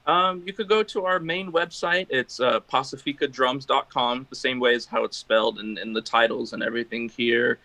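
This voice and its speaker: A man's voice: medium pitch, steady tone, moderate pace, hardly any pauses, pushed and bright, dry recording, low-quality recording. A man, a guest drum maker, talking casually in an interview with many fillers and restarts.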